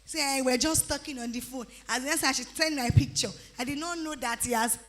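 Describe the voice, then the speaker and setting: Nigerian woman, 30s, youth retreat speaker; bright high voice, playful scolding delivery. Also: a little fast. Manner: animated, teasing, breaks into pidgin-flavored asides. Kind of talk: lively exhortation to teenagers.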